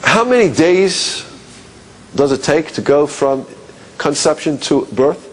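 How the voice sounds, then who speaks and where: A man teaching a class, asking rhetorical questions and musing aloud, dropping low and quiet on key points. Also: lively intonation, takes it slowly, a little hiss or hum. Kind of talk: classroom lecture.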